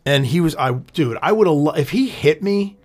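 A man's voice: a little high, expressive, normal speed, a little mellow. A man, co-hosting a podcast, telling a story in a loose, profane way and acting out what people said. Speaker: podcast co-host. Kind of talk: casual storytelling chat.

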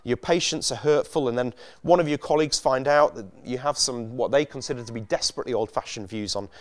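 A man's voice: mid-range voice, quick pace. A man preaching a sermon in a conversational way, asking his listeners many rhetorical questions.

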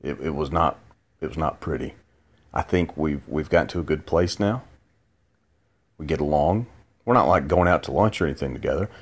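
A very low-pitched man talks through a late-night podcast monologue from his bed. He rambles and loops back on himself, drowsy and unhurried, restarting sentences as he goes. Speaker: podcast host. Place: in bed at home.

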